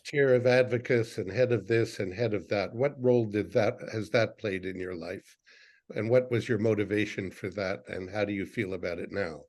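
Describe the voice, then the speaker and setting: Male interviewer, lowish voice, conversational, stacked follow-up questions. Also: fairly even intonation, moderate pace, darkish tone. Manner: asks layered follow-up questions. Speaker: interview host.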